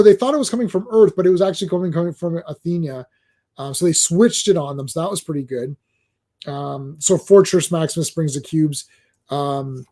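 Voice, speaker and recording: A man hosting a casual chat about a cartoon series, talking in a halting way with many restarts and ums. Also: sits high, darkish tone. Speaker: podcast host.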